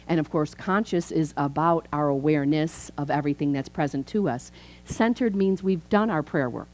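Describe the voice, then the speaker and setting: A woman in her fifties, a minister, preaching a chatty, animated sermon in a church. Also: low-pitched, low-quality recording. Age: 50s. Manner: animated, chatty, acts out quoted voices. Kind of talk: conversational sermon.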